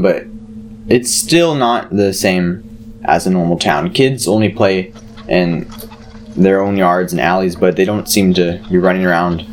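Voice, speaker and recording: Deep-voiced man narrating as game master. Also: a little hiss or hum. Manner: relaxed, filler-laden narration.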